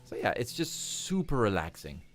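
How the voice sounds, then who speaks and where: A man with a low-set but very animated voice talks through a cozy building game on his livestream. His manner is upbeat and easygoing, and he chuckles often. Soft music plays faintly behind him. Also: moderate pace. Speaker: livestream host. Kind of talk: casual gameplay commentary.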